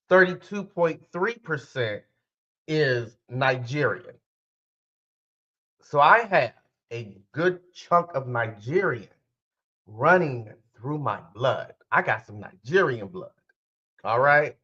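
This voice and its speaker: On his solo podcast, a spiritual life coach with a mid-range, slightly bright voice speaks animatedly but slowly, with long pauses. He rambles casually to listeners and often corrects himself, and the recording is muffled.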